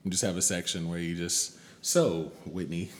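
Laid-back man, low voice, reverberant room. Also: flat delivery, fast talker. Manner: playful, drops into a low sultry crooning voice. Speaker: podcast co-host. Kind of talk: casual chat. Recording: long reverb with faint noise.

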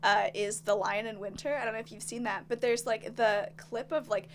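A woman's voice: fairly high pitch, fairly even intonation, normal speed, a little hiss or hum. A young woman hosting a film podcast in casual chat, bubbly and laughing often. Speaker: podcast host.

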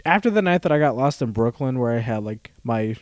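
A young man co-hosting a podcast, telling a story in a rambling, halting way, full of fillers and loudly acted-out quotes. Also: medium pitch, expressive, dry recording. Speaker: podcast co-host. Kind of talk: casual chat, storytelling.

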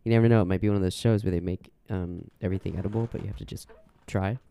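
A man's voice: low-pitched, fairly even intonation, rapid-fire, creaky, smooth, lo-fi sound. A playful, jokey man co-hosting a casual podcast chat from a room at home on a USB microphone. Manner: playful, jokey, silly asides. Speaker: podcast co-host, writer. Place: room at parents' house at night.

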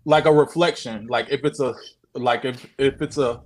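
A man telling his own odd sighting story on a call, animated, swearing often and repeating himself. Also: mid-range voice, moderate pace. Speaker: guest sharing a sighting story. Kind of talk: casual storytelling on a video call show.

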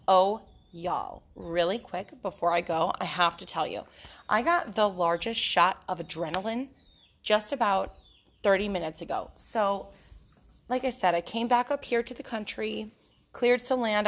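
A woman's voice: medium pitch, moderate pace. A woman, chatting casually to her viewers from a porch outdoors, swearing freely and laughing often. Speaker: vlogger. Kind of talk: casual chat.

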